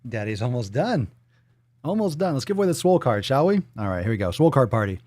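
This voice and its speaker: A man's voice: mid-range voice, big pitch swings, quick pace, darkish tone, dry recording. A man hosting a casual livestream, playful and swearing freely, cooing at his dog in baby talk. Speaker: livestream host.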